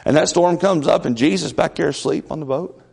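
A man preaching a conversational sermon in a folksy way, building up to loud, emphatic peaks. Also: fairly high pitch, fairly quick, vocal fry, husky, in a large hall.

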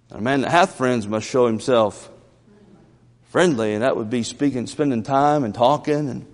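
A man preaching a sermon in a church, lively, often repeating and stumbling over his first words. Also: mid-range voice. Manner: animated, repeats words, stammers at starts. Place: church sanctuary. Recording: reverberant church hall.

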